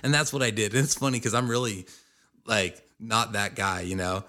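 A man's voice: on the low side, moderate pace, bright, forceful tone. A man in an interview casually recounting a story with an amused tone. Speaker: band member guest.

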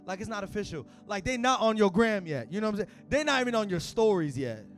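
High-voiced pastor preaching casually. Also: male voice, big pitch swings, quick pace. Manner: casual slang-filled preaching, rising to shouts. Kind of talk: sermon. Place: church service.

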